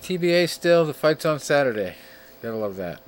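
A man hosting a casual show, reading off records in a laid-back, joking way with frequent filler pauses. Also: fairly high pitch, very animated. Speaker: podcast host. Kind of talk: casual chat.

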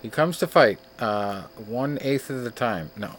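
A man hosting a casual show, reading off records in a laid-back, joking way with frequent filler pauses. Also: medium pitch, animated. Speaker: podcast host. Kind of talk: casual chat.

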